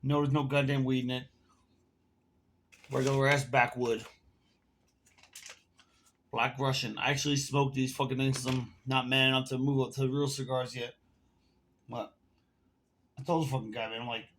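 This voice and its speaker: A man's voice: mid-range voice, level tone, normal speed, pauses often, a bit bright. A man ranting to camera in a casual vlog, telling a heated, profane story while smoking and drinking. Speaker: vlogger.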